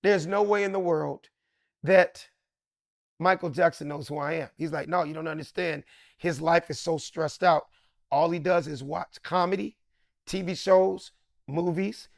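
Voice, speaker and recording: A middle-aged man, a comedian, telling a story with excitable swings into loud, high bursts. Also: measured pace, creaky, no echo, studio quality. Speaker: comedian guest. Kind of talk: animated storytelling.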